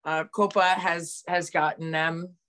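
Raspy low-voiced woman analyst. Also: steady tone, unhurried, fairly bright tone. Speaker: basketball analyst co-host. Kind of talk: casual sports chat.

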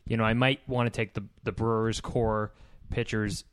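A man's voice: fairly low pitch, flat delivery, normal speed, clear, resonant tone, no room sound, clean studio sound. A young man co-hosting a casual podcast, easygoing and rambling as he talks. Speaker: podcast co-host. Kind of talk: casual chat.

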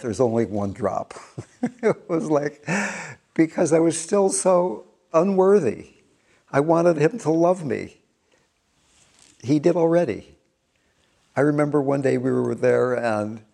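An older man tells a spiritual story in a slow, musing way, laughing softly now and then. His voice is gravelly, with a dark, mellow tone. He sounds tender and reflective. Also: medium pitch.

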